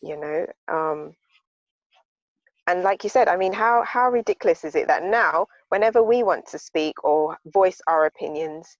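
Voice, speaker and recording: A woman's voice: lowish voice, a little slow, no echo. A woman joins a group discussion over a video call, her voice carried through muffled, lo-fi audio. She talks with heavy emphasis, often repeating words to drive a point home. The sound is very dry, with no room around it. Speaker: discussion participant.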